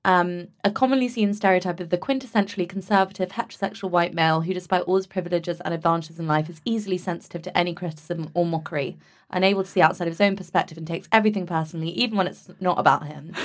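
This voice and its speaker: A woman hosting a podcast, chatting casually, laughing often and reading aloud. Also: fairly low pitch. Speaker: podcast host. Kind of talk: casual chat.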